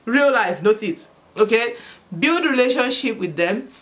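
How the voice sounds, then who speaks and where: A woman's voice: on the high side, unhurried. A woman from Africa giving casual school advice as a vlogger, telling stories with frequent bursts of laughter, outdoors in the sun. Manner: animated storytelling with frequent laughter. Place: outdoors in sunlight.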